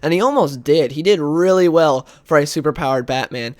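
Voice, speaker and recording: A comic book video host with a slightly high voice talks briskly, casually recapping comic stories. He rambles with lots of "like" and "uh" and briefly acts out characters' lines. The recording is dry, with clean studio sound.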